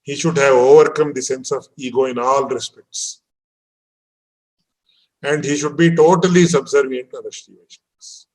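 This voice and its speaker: A man's voice: mid-range voice, fairly even intonation, moderate pace, a little mellow, low-quality recording. A man, teaching a religious discourse and explaining verses in a patient, explanatory way. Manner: explanatory, quotes Sanskrit and Tamil verses, chuckles. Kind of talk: scriptural discourse.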